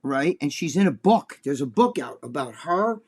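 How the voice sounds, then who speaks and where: A man's voice: fairly high pitch, big pitch swings, moderate pace, a little mellow, slightly rough. A man co-hosting a casual chat show, telling a long, rambling story full of swearing. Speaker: co-host.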